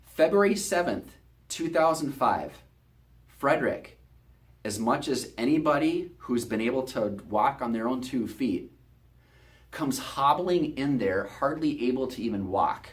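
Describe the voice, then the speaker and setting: A chiropractor telling a patient's story in a promotional video, talking in an earnest, conversational way. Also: male voice, mid-range voice, lively intonation, unhurried.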